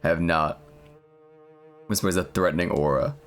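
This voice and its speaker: A man's voice: sits low, moderate pace, soft background music. A young man streaming a game, chatting casually in a rambling, crude, jokey way and laughing often. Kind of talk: casual gameplay chat.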